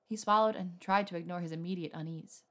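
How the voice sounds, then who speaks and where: Woman narrator, lowish voice, steady, intimate romance reading. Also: fast. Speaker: reader. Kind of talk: scripted fan fiction narration.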